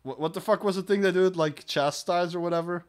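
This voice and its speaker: A man's voice: high voice, brisk, clear, resonant tone. A man co-hosting a crude comedy podcast, reading news articles aloud and breaking off into profane, sarcastic asides.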